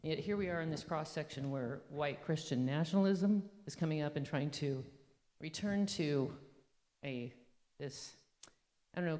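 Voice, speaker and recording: An audience member asking a long question at a church forum, halting and searching for words. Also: medium pitch, a little mellow, big-room sound.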